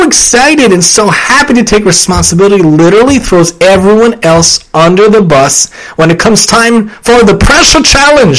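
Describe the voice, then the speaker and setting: A young man hosting a solo podcast, talking earnestly and preachily, with sudden excited bursts. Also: high voice, normal speed, hardly any pauses, rough recording. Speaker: podcast host. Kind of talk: casual solo podcast talk.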